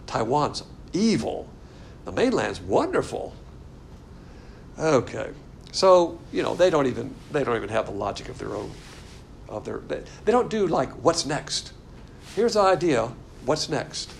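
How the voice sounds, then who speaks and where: A man teaching a Bible class in a room, lecturing in a sarcastic, animated and argumentative way. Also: on the high side, moderate pace, vocal fry, a little hiss or hum.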